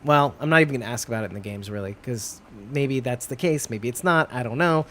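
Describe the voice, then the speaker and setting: A man chatting casually on a live show, with a middling pitch. He rambles, restarts his sentences and drops into lively quoted voices now and then. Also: fast talker, slight background noise. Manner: rambling, self-interrupting, lively put-on quotes. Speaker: co-host.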